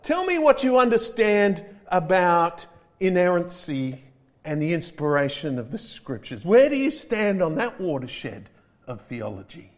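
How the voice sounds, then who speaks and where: A man's voice: sits high, sing-song, unhurried, pitched above the performer's own voice. A man putting on a fussy gatekeeper angel. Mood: prim. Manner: prim, quizzing, raised voice. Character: fussy, officious male angel questioning at heaven's gate.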